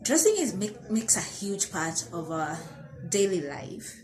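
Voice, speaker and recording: A woman's voice: medium pitch, big pitch swings, measured pace, over music, low-quality recording. A woman in her thirties talking candidly to camera in a reflective, confessional personal vlog, often correcting herself mid-sentence. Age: 30s. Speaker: vlogger.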